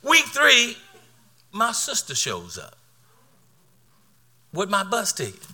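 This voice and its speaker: A man's voice: high voice, huge pitch swings, slow pace, sharp tone, slight background noise. A middle-aged man preaching a sermon, telling a personal story with laughter and repeated words.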